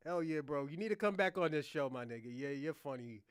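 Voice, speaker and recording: A man's voice: fairly high pitch, animated, a little fast, smooth, no echo, clean studio sound. A man from Boston hosting a casual live chat, teasing and laughing often. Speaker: livestream host.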